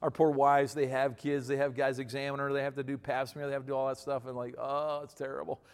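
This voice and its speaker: A man in his fifties with a mid-pitched voice, talking folksy and emphatic as he advises an audience. His words carry a long hall reverb. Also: level tone, quick pace, smooth. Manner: folksy, emphatic, repeats himself. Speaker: speaker giving marriage advice to men. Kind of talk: advice talk to an audience.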